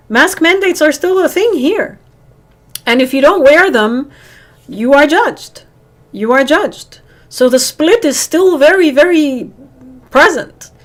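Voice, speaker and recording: Female stream host, slightly high voice, earnest preachy delivery. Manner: earnest, preachy, addresses viewers as honey. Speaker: livestream host. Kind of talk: casual live-stream talk to viewers.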